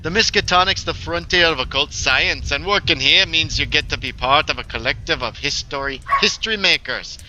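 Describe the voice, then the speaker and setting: A man's voice: a little high, brisk, hardly any pauses, background noise, voice pushed up, close to an everyday voice. A man voicing an idealistic former coven witch in a story game. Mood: earnest.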